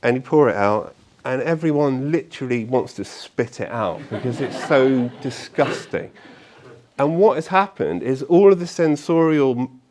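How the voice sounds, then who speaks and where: A man speaking to an audience at a meetup, telling stories in a chatty, animated way with fillers and frequent tag questions. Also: mid-range voice. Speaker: conference speaker. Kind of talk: live talk to an audience. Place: meetup event room.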